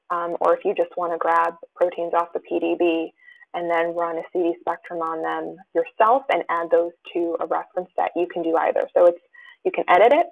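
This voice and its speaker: A woman's voice: fairly low pitch, creaky, low-quality recording. A woman presenting a webinar, reading out audience questions and answering them, with many fillers and restarts. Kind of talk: live webinar Q&A.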